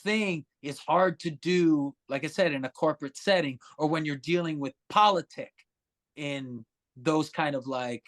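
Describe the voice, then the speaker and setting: Animated man telling stories, swearing freely. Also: on the high side, unhurried. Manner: animated, swears freely, acts out voices of others. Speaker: musician guest. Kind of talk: casual podcast storytelling.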